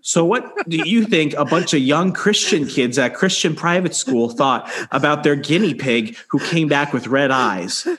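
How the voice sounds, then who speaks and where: A man's voice: fairly high pitch, animated, unhurried, hardly any pauses. A young man co-hosting a casual chat, telling a story with heavy swearing and mocking retellings. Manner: profane, mocking, acts out quotes loudly. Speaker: podcast co-host.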